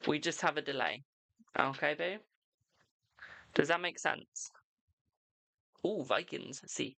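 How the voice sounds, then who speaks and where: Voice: mid-range voice, takes it slowly, creaky, fairly bright tone, no echo. A tarot reader hosting a casual livestream, chatty and informal, talking straight to the viewers while sounding tired. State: tired, yawning.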